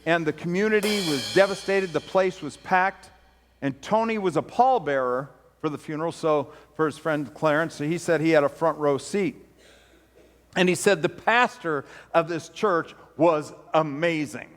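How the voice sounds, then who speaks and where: High-voiced man preaching in a reverberant church. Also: normal speed, soft background music. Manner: storytelling, acts out quoted preacher with rising intensity. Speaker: pastor. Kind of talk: sermon. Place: church sanctuary.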